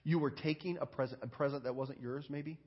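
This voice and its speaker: A pastor gives a children's sermon in a mid-range, slightly breathy voice, speaking a little fast with fairly even intonation. He coaxes the kids with lots of questions and often repeats words when starting a sentence, and the recording is dull and lo-fi with a long hall reverb.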